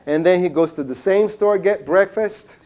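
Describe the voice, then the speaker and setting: A man's voice: high-pitched, moderate pace, darkish tone. A man giving a seminar lecture, telling a story with lots of rhetorical questions. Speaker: seminar speaker.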